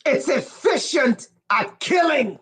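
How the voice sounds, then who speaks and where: A woman giving an impassioned livestream monologue, emphatic and profane, with sudden bursts of shouting. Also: high voice, animated, slow, poor audio. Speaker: livestream speaker.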